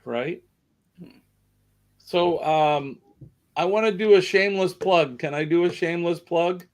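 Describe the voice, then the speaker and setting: A man's voice: high-pitched, measured pace. A man with a Southern American accent hosting a live stream, chatting casually and rambling with many fillers. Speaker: livestream host.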